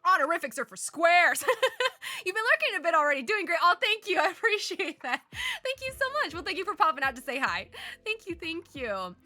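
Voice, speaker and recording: A woman's voice: very high voice, very animated, moderate pace, sharp tone. A young woman streamer chatting casually, laughing often, her throat still a little scratchy. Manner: giggly, laughs often between lines. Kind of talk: casual live-stream chat.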